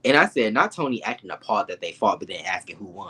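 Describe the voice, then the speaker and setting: A man co-hosting a casual reality TV review chat, campy and animated, laughing often and jumping to shrieking high asides. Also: fast, heavy background noise. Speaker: podcast co-host reviewing reality TV.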